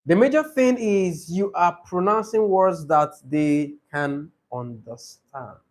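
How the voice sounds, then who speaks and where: A man leads a speaking-test training class. His voice sits high. He moves at a slow, deliberate pace and repeats each rule for note-takers. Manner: repeats key rules slowly for note-taking. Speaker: IELTS trainer. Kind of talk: classroom teaching. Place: training session room.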